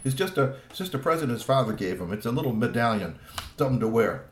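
A man's voice: medium pitch, expressive, quick pace, reverberant, a little hiss or hum, close to an everyday voice. A man voicing a male companion who hesitates and makes up excuses. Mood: evasive.

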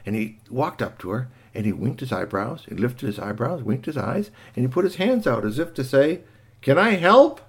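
A man reading a children's tale aloud, his voice husky and his pitch moving freely. He tells it in a lively storyteller's way, dropping in sound effects and asides. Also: a little fast, hardly any pauses.

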